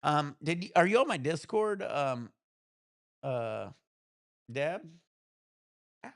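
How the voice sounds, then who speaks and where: A laid-back man rambles through casual livestream chat and laughs easily. His voice has a gravelly edge and sits a little high for a man, with lively swings in pitch. The sound is close and dry on a desk mic. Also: takes it slowly, dry recording. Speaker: livestream host.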